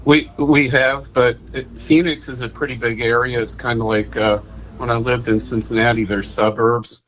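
A man calling in to a radio show, talking in a halting, folksy way and repeating himself. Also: medium pitch, little pitch movement, fairly bright tone, highs cut off. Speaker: caller. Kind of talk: casual call-in chat.

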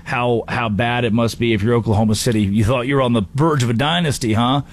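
A man hosting a sports talk show, delivering an animated, jokey monologue with quick impressions. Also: medium pitch.

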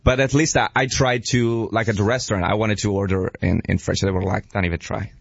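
A man's voice: fairly low pitch, steady tone, a little fast, creaky, slightly rough, lo-fi sound. A man from Italy with an Italian accent, a guest chatting on radio who laughs often. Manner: laughs often, playful and warm. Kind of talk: casual radio chat.

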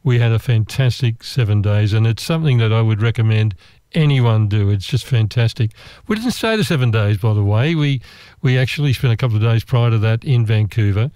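An Australian man telling a travel story in a relaxed, meandering, chatty way, with asides and restarts. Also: lowish voice, brisk, clear, resonant tone, no room sound. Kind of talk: relaxed travel anecdote monologue.

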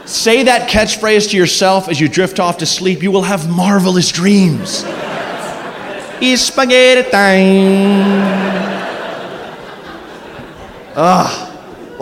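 Animated male stand-up comic in a club. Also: high voice, in a large hall, background noise. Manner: animated, jumps into silly voices for bits. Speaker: stand-up comedian. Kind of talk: stand-up comedy set. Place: comedy club stage with audience.

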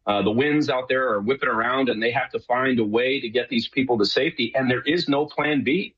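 A man's voice: medium pitch, brisk, breathy edge, dull audio. A middle-aged man from New York, a guest talking earnestly in a rambling way, often restarting his sentences. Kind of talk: casual remote interview.

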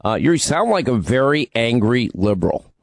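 A man's voice: medium pitch, sing-song, moderate pace, creaky, dry recording. A man hosting a call-in radio show, needling and arguing with a caller. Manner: combative, needling. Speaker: radio talk show host.

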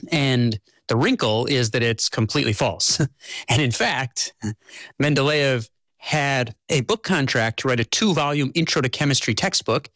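Author guest, male, calm explanatory interview voice, dry recording. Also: mid-range voice, dry recording. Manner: explanatory, measured storytelling. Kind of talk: conversational interview.

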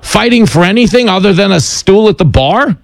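A man's voice: sits high, animated, a little fast, vocal fry, dry recording. A man hosting a talk radio show, sarcastic and mocking as he comments and takes calls. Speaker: radio host.

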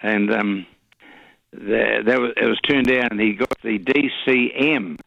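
A man, a regular caller chatting on radio in a rambling, halting way with many fillers. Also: lowish voice, vocal fry, fairly bright tone, no room sound. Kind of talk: casual radio chat. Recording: dull lo-fi radio audio.

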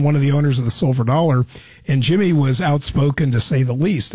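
A man hosting a radio talk show, telling stories in a lively, chatty way. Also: fairly high pitch, husky, no room sound. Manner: animated storyteller. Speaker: radio host. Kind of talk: casual radio chat.

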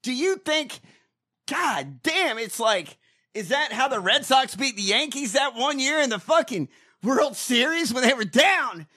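A man ranting loudly on a podcast, swearing heavily as he goes. His high, bright voice jumps animatedly up and down, and he often shouts. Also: big pitch swings, a little slow. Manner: loud, ranting, heavy swearing. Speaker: podcast host. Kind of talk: profane political rant.

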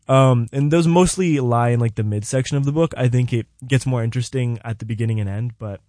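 A young man talking casually to camera as a book reviewer. He rambles with lots of fillers and acts out scenes in lively retellings. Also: medium pitch, no room sound, studio quality. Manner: chatty, filler-heavy, animated retellings.

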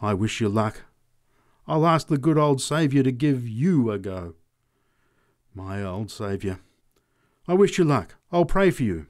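A man's voice: mid-range voice, lively intonation, a little slow, long pauses, darkish tone, lightly acted. Man putting on a fervent, savage old street woman. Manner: muttering, then savage.

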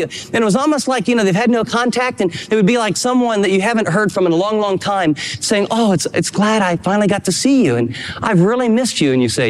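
A man preaching a sermon as pastor, emphatic and animated, acting out the words he quotes. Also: sits high, moderate pace. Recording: hall with long reverb.

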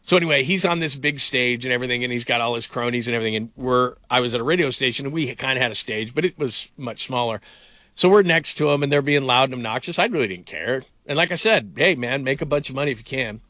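A man's voice: mid-range voice, expressive, quick pace, pushed and bright, no room sound, clean studio sound. A middle-aged man hosting a sports talk radio show, rambling through stories with lots of fillers. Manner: rambling storyteller, heavy on fillers.

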